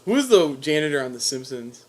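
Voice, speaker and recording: A man's voice: on the high side, big pitch swings, fairly quick. A young man co-hosting a podcast, casually retelling a TV episode with loose, profane mock dialogue. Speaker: podcast co-host. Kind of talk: casual recap chat.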